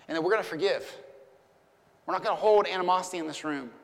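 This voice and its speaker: A man, preaching a sermon as a pastor, swinging from loud impassioned peaks to hushed emphasis. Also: high-pitched, quick pace, creaky. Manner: impassioned, rising to near-shouts and dropping to hushed emphasis. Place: church sanctuary. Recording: long church reverb.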